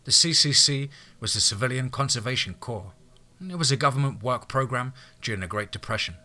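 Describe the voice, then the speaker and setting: A man's voice: mid-range voice, animated, fairly quick, bright, forceful tone, voice pushed up. A man voicing a proud, defiant young woman in an audiobook, speaking in a firm, lecturing way. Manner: firm, lecturing, slightly exasperated.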